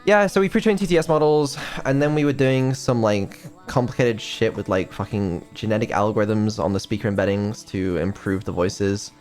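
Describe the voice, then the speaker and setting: A man chatting casually on a stream as a developer, hesitant and filling pauses with ums, swearing now and then. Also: fairly low pitch, darkish tone.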